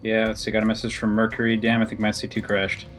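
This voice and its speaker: A man casting a video game match in a relaxed, rambling, chatty way. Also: fairly low pitch, quick pace, over music. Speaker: esports caster. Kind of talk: casual game commentary.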